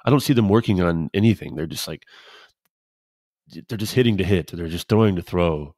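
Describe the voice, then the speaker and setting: A man co-hosting a casual podcast, a former pro pitcher telling laid-back, rambling stories. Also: brisk, a little mellow, no echo, studio quality. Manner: laid-back, rambling anecdotes with quoted dialogue. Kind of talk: casual storytelling chat.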